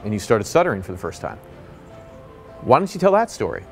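A man's voice: fairly low pitch, a little fast, soft background music. A man giving a motivational sales lesson as a business coach, telling stories and acting out the people in them. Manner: energetic, storytelling, acts out quoted voices.

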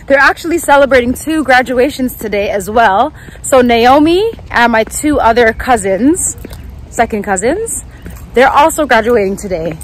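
A young woman vlogging in a casual, chatty way, playful and quick to tease. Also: fairly high pitch, a little hiss or hum, rough recording. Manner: chatty, laughing, playful teasing. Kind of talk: casual vlog chat.

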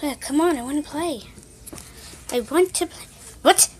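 A woman's voice: high voice, moderate pace, a little mellow, slight background noise. A woman vlogger acting out casual, chatty doll scenes with frequent sighs. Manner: casual, sighing, chatty dialogue between toys.

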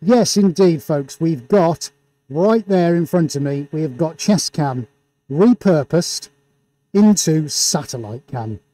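With a fairly high pitch and a slow pace, a man hosts a live painting stream from an indoor studio, speaking through a face mask as he calls out viewer shout-outs with showman-like enthusiasm.

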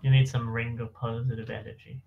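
A man's voice: medium pitch, level tone, fairly quick, vocal fry. A young man chatting casually while gaming, teasing with dry quips. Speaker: gaming guest. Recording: dull lo-fi mic with faint hiss.

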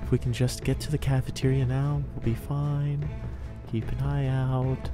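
A man narrating his own game roleplay in an excitable way, often yelping and panicking as things chase him. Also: mid-range voice, moderate pace. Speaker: gamer doing a roleplay. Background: game music.

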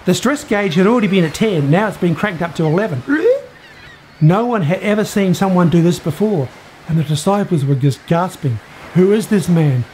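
A man telling a Bible story to children in an expressive, storytelling way. His voice sits fairly high for a man. Faint noise hums behind him. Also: fairly quick, rough recording.

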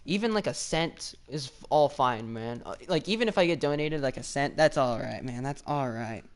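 A young man hosting a casual live stream, excitedly thanking viewers with lots of repeats and restarts. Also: mid-range voice, normal speed. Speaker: livestreamer.

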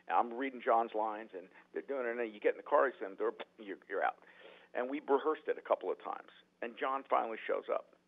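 A man who is a writer-director telling animated stories in an interview, often restarting his sentences. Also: on the low side, brisk. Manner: animated, acts out quotes, frequent restarts. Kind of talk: anecdotal storytelling in a podcast interview. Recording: tinny phone-like line.

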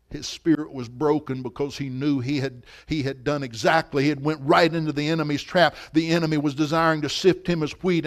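A male pastor preaching a sermon at a church service, telling a story with passion, emphasis and repetition. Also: on the high side.

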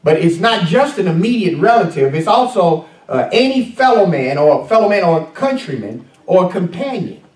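Male pastor, sermon, chatty preaching with fillers, slightly high voice, roomy echo. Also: very animated, normal speed, hardly any pauses. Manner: conversational preaching with many fillers and audience questions. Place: church sanctuary. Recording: echoey church room, mic at a distance.

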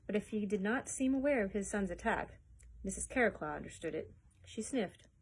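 Woman, children's librarian, story time read-aloud, expressive, husky. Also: medium pitch, fairly quick, rough recording. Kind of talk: reading a chapter book aloud.

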